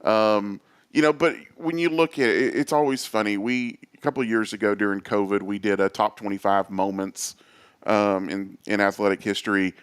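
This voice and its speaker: A man, a guest on a talk show, telling lively stories with many quoted voices and fillers. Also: fairly low pitch, normal speed, smooth. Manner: animated storyteller, acts out quoted voices. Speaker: associate athletic director, guest. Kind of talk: casual storytelling interview.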